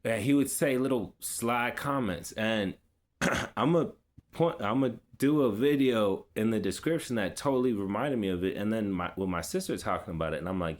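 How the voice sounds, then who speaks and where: A man's voice: on the low side, expressive, moderate pace. A man vlogging, telling a personal story in a casual, rambling way with many fillers, restarts and street slang. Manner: laid-back street slang.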